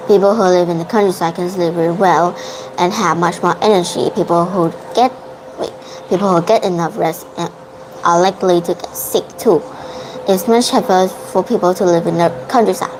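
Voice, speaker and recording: A woman's voice: lowish voice, fairly even intonation, normal speed. Young woman student debating, faint hiss. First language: Vietnamese. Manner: hesitant, restarts and self-corrections. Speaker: English student. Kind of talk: debate practice in an online lesson.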